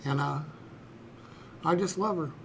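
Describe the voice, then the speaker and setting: Gravelly man in his sixties telling a story. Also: on the high side, measured pace, a little hiss or hum. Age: 60s. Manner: rambling, folksy, fillers like "you know" and "okay". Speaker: streamer. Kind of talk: personal storytelling.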